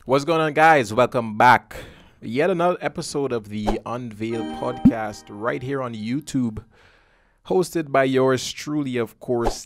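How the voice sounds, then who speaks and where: A man from the Caribbean hosting a podcast in a loose, joking, conversational way. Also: mid-range voice. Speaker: podcast host. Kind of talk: casual podcast chat.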